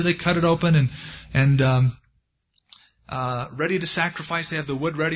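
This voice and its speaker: A man preaching a sermon, retelling scripture in a folksy storytelling way and acting out the quotes. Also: on the high side. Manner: folksy storytelling, acts out quotes with lively swings. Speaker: pastor. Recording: dull lo-fi sermon recording.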